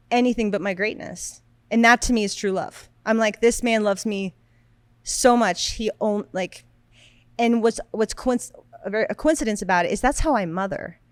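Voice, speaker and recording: A woman's voice: mid-range voice, dry recording. A woman in her thirties co-hosting a podcast, talking in a blunt, emphatic casual way. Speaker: podcast co-host. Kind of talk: casual chat.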